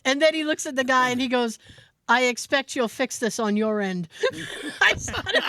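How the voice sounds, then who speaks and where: A woman's voice: high-pitched, normal speed, no room sound. A woman co-hosting a podcast, telling a story in casual chat and acting out what other people said. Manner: animated anecdote teller who acts out quoted people. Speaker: podcast co-host.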